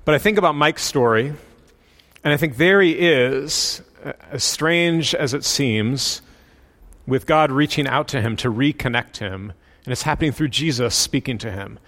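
A male pastor telling a story in a sermon, in a relaxed, conversational way. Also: a little high.

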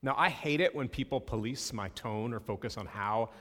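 A man's voice: medium pitch, moderate pace, fairly bright tone, long reverb tail. A male pastor giving a sermon in a conversational way, with self-deprecating asides.

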